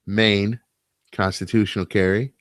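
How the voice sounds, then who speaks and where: A man's voice: fairly low pitch, fairly even intonation, takes it slowly, a bit bright, dry recording, studio quality. A man co-hosting a casual late-night podcast, opinionated and crude, often restarting his sentences. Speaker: podcast co-host. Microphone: webcam setup.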